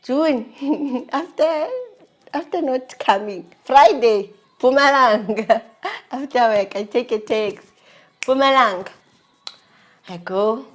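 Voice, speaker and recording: A woman telling her own story in an animated, emotional way, acting out the dialogue. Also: mid-range voice. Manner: animated, emotional retelling with acted-out dialogue and laughs. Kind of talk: personal storytelling.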